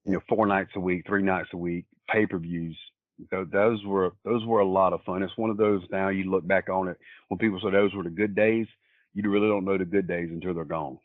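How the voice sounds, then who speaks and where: A man's voice: low-pitched, fairly even intonation, brisk, dry recording. A man, a wrestler guest, telling stories in a rambling, plain-spoken way over a tinny phone-like line. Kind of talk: casual anecdotal storytelling.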